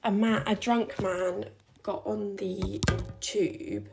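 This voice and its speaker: Young woman, casual chatty storyteller, medium-pitched voice. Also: fairly even intonation, slow pace, vocal fry, music in the background. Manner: chatty, many "like"s, acts out quoted lines.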